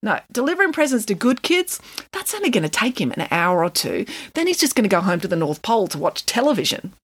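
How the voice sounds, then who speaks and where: A woman's voice: mid-range voice, sing-song, quick pace, a bit bright, husky, no room sound. A woman voicing a bossy, self-assured pig nanny who speaks emphatically. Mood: scheming. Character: bossy, indignant female flying pig nanny.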